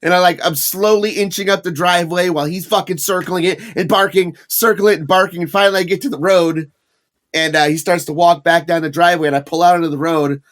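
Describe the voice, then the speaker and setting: A fairly high-pitched man in his thirties spins a rambling yarn as a podcast co-host. His storytelling is casual, animated and full of swearing. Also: fast.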